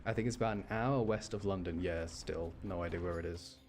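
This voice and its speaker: A man's voice: low-pitched, fairly quick, darkish tone, a little hiss or hum. A young man chatting casually to his live chat while he plays a game, rambling from thought to thought. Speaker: live streamer.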